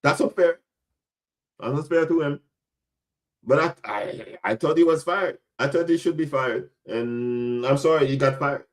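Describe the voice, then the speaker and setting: A man's voice: fairly high pitch, a little slow. A young adult man from Florida hosting a podcast, giving casual sports commentary in a blunt, emphatic way, often repeating himself for effect. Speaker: podcast host.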